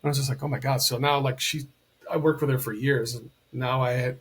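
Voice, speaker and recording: A man's voice: mid-range voice, fairly quick, slightly rough. A middle-aged man, a podcast guest and healer, chatting casually and animatedly acting out the voices in his stories. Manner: animated storyteller, acts out quoted dialogue. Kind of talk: casual conversation.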